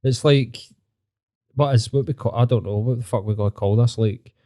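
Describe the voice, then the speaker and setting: A man's voice: medium pitch, normal speed, warm tone. A man with a Glaswegian accent hosting a podcast, ranting and mocking in sweary casual chat. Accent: Scottish (Glaswegian). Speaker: podcast host.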